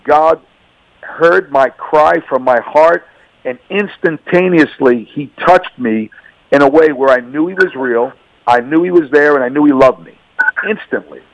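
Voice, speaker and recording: A man's voice: a little high, a little slow, no echo, low-quality recording. A man giving an earnest, emphatic faith testimony as a radio guest, repeating himself and stammering through restarts.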